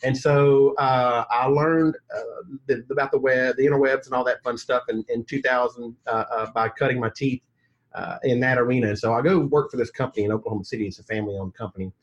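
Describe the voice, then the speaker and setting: A man with a Southern American accent tells his story as a podcast guest, lively and chatty, acting out what others said. The sound is a little dull and lo-fi. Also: medium pitch, brisk. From United States. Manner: animated storyteller, laughs often, acts out quotes. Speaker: guest, agency coach. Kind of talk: casual podcast interview storytelling.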